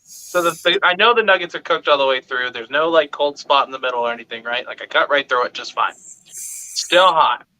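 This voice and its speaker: A man in his thirties, speaking at medium pitch and a little fast, tells a family anecdote in casual podcast chat. He's animated and acts out the voices in the story. The recording quality is low.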